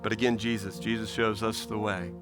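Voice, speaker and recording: A brisk sermon over music comes from a pastor whose delivery is earnest and pleading. He drives points home through repetition, veering between animated bursts and soft, low asides.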